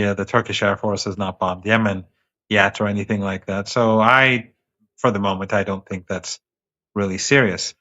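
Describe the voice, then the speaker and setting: A man with a fairly low voice gives fast, insistent commentary as a guest analyst. He fires off rhetorical questions and restarts his sentences often. The remote audio sounds dull and lo-fi. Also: fairly bright tone.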